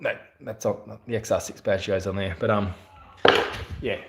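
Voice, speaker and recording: A man's voice: fairly low pitch, fairly even intonation, normal speed, gravelly, heavy background noise. A man with an Australian accent, chatting casually on a livestream, rambling with lots of fillers and reading out viewer comments. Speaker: channel host doing a livestream. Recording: echoey room.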